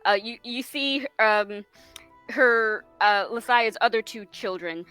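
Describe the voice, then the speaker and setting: A woman narrating as game master in a tabletop game, halting and often correcting herself as she goes. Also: on the high side, pushed and bright, clear, resonant tone, faint music behind. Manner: halting, full of ums and self-corrections.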